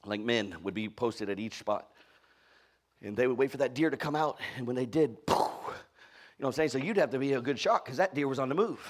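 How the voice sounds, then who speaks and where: A male pastor from Florida with a Southern accent, preaching a sermon. He calls out to the congregation and moves from shouted peaks to quiet, low storytelling. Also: slightly rough. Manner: call-and-response, often asking "are y'all with me".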